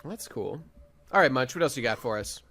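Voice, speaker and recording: A man's voice: medium pitch, lively intonation, brisk, sharp tone. A young man hosting a casual podcast chat, dry and teasing toward the others. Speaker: podcast host.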